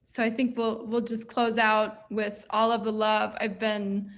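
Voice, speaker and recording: A woman hosting an online event over a video call, speaking softly and evenly with a few fillers. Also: medium pitch, little pitch movement, measured pace. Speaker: event host.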